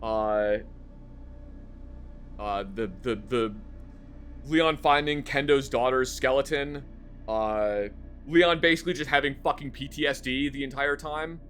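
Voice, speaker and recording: A man's voice: mid-range voice, a little slow, pauses often, a bit bright, a little hiss or hum. A man streaming live, rambling casually about a game he just finished, with lots of fillers and the odd curse.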